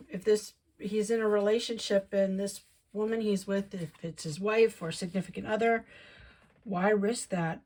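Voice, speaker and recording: A woman giving a casual tarot reading, chatting and thinking aloud as she goes. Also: medium pitch. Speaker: tarot reader.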